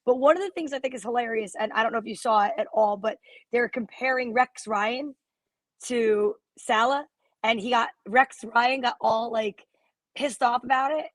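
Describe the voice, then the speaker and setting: A woman co-hosting a casual football chat show, telling stories in an animated, gossipy way. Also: fairly high pitch, normal speed, dry recording. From New Jersey. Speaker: co-host.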